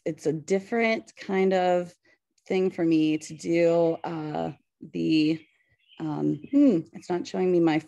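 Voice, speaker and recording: A woman in her forties with a Pittsburgh accent, a high school English teacher presenting on a video call, hesitant with many fillers. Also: warm tone, no room sound. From western Pennsylvania. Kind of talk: webinar presentation.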